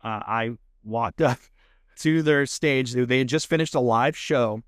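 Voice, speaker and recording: Texan guy in his 30s, podcast guest, animated storyteller, dry close mic. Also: mid-range voice, unhurried, dry recording. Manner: animated, acts out quoted people. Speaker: podcast guest, food show host. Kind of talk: casual storytelling. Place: podcast studio.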